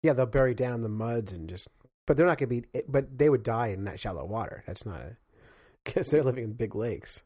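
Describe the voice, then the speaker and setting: A man's voice: mid-range voice, a little fast, slightly rough, no echo, studio quality. A man co-hosting a casual podcast, telling stories with lots of energy and laughing often. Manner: animated storytelling, mimics frog screams, laughs often. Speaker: podcast co-host. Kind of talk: casual chat.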